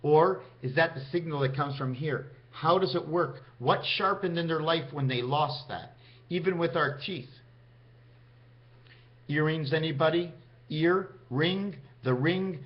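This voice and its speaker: A vlogger with a fairly high-pitched, slightly slow voice rambles through a numerology monologue to camera, counting out numbers and addressing viewers directly. The recording has a dull, lo-fi sound.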